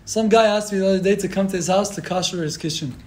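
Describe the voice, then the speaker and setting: A man's voice: sits high, fast talker, a little mellow, low-quality recording. A man, a rabbi, telling stories in a sermon, acting out the quotes with feeling and mixing in Hebrew terms. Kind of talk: storytelling sermon.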